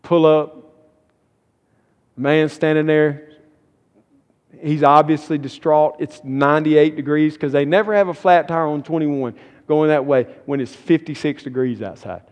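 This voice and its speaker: A man's voice: fairly high pitch, steady tone, measured pace, pauses often, darkish tone, lo-fi sound. A man preaching a sermon, reading scripture and then building emphasis as he explains it. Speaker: pastor. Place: church sanctuary. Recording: long church hall reverb.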